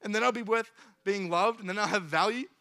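A man's voice: sits high, a little fast, creaky, pushed and bright, pitched above the performer's own voice, full character voice. A man voicing a frantic, stressed worker who begs God in a whiny, strained voice close to tears. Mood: distraught.

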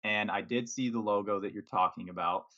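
A man's voice: on the low side, steady tone, fairly quick, bright, forceful tone. A man co-hosting a podcast in casual sports chat, wry and laid-back with a sarcastic edge. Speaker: podcast co-host. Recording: dull lo-fi sound.

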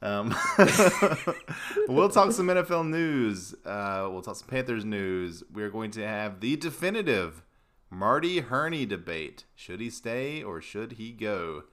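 A man's voice: fairly low pitch, very animated, a little slow, fairly bright tone. A man hosting a casual sports podcast, laughing often and rambling loosely. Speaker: podcast host.

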